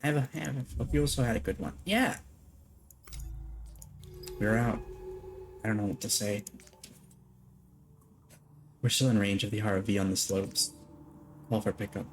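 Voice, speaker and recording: A man's voice: lowish voice, unhurried, long pauses, faint music behind. A young man streaming a game from home, chatting loosely with his audience, swearing casually and laughing often. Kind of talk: casual live-stream chat while gaming.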